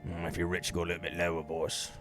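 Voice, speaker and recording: Man putting on a deep, gruff Cockney Londoner, theatrical, muttering. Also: monotone, fast talker, fairly bright tone, faint music behind. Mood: ominous. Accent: Cockney, put on. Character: gruff old-timey Dickensian London man.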